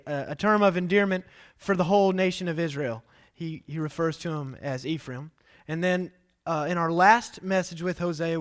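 High-voiced man preaching. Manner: animated storytelling, acts out quotes loudly. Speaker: pastor. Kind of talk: sermon.

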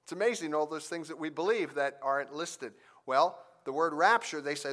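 A man preaching a sermon, telling a family story and then teaching from scripture, with animated emphasis on key points. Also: a little high, moderate pace, few pauses. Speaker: pastor.

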